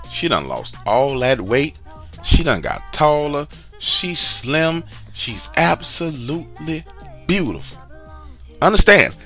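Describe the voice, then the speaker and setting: Animated, bright-voiced male storyteller. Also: a little high. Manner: animated, talks straight to the listener with slang asides. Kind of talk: casual first-person storytelling.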